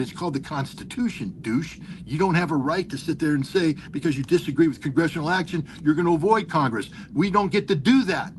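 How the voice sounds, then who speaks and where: A man's voice: fairly high pitch, animated, brisk, few pauses, slight background noise. An older man, a guest on an interview show, ranting heated, profane and sarcastic political commentary. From United States.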